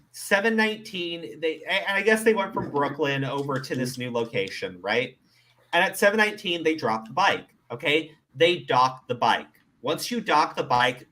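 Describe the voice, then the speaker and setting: A man's voice: a little high, a bit bright. A man hosting a commentary show, ranting with exasperation and plenty of profanity.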